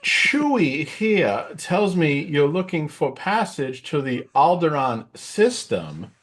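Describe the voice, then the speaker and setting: A man doing a halting, deadpan impression of a space captain, slow and raised in pitch, with odd pauses. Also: a little hiss or hum, heavily acted.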